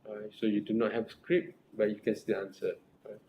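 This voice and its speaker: A man supervising research students in a group session, speaking haltingly and often checking that they follow. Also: lowish voice, little pitch movement, vocal fry, darkish tone, a little hiss or hum, rough recording. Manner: halting, checks understanding with tag questions.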